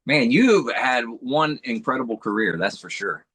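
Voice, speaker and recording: A man's voice: medium pitch, lively intonation, a little slow, a bit bright, slightly rough. A man interviewing a veteran, mostly giving short affirmations and follow-up questions. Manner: brief affirming responses. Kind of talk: casual interview.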